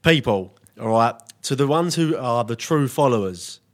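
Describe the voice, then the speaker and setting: Young male podcast co-host, mid-pitched, giggly and foul-mouthed. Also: expressive, normal speed. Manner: laughs often, swears casually. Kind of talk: casual podcast chat.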